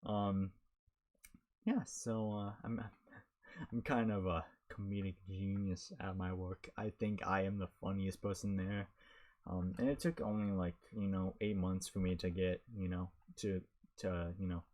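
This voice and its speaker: Young man, low voice, casual podcast chat, rambling, lots of ums. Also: steady tone, a little slow, darkish tone. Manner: rambling, laughs often, many fillers. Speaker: podcast co-host.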